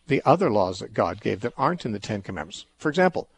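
A middle-aged man hosting a call-in radio show, calmly reasoning through a Bible question with everyday examples. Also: on the low side, fast, creaky, a little hiss or hum. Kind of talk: call-in Bible teaching talk.

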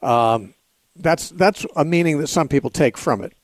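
A man hosting a call-in radio show and answering Bible questions in a measured, explanatory way, often pausing with "uh" and "you know". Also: a little high, animated, dry recording.

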